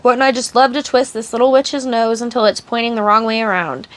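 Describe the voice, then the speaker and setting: A woman's voice: fairly high pitch, steady tone, a little fast, natural voice. A woman reading aloud as a broad-shouldered male thug who growls his words. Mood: growling.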